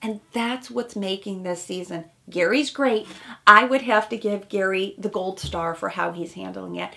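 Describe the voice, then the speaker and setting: A woman therapist talks through a reality show in an animated, conversational way. Her voice sits at an ordinary middle pitch and has a gravelly, fry-tinged texture. She often drops into quoted asides. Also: normal speed. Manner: animated, warm analytical commentary with quoted asides. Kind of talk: casual video commentary.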